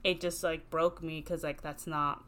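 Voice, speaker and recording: A woman's voice: low voice, flat delivery, unhurried, pushed and bright. A woman co-hosts a podcast in easy, casual chat. She rambles and rants, her sentences peppered with fillers and restarts. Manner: chatty, ranting, lots of fillers. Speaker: podcast co-host.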